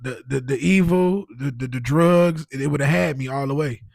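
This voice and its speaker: A man telling his own story as a podcast guest, animated and emotional, full of "like" and "you know what I'm saying". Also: medium pitch, normal speed, gravelly, dry recording. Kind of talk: casual storytelling.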